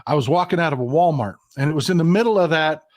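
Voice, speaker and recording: A man's voice: on the high side, fast talker, no room sound. A middle-aged man from Texas hosting a casual political livestream, telling stories in a folksy, hot-tempered way and calling his viewers folks. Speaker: livestream host.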